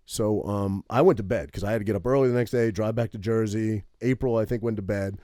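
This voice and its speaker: Speaking fairly quickly in a lowish voice, this Maine man co-hosts a podcast and spins a long, profane yarn, constantly ending lines with "right?". He's casual and animated, and the recording is dry and studio quality.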